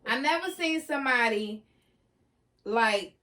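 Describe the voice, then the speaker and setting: Woman vlogger w a high voice, laughing a lot, telling a story all animated. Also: measured pace. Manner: animated, laughs often, slips into high excited voices when retelling. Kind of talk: casual storytelling.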